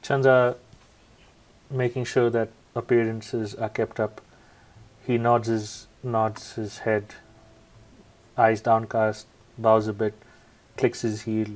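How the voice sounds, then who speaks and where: Man, player, slow measured narration, flat monotone delivery. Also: on the low side, rough recording. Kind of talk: describing his character's actions in a tabletop game.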